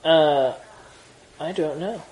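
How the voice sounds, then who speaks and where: A man's voice: on the high side, takes it slowly, a little mellow. A man leading a small Bible study group, reading passages aloud and stopping to chat and explain. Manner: reads aloud steadily, stops to comment. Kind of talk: reading and casual group discussion. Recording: roomy room, distant mic.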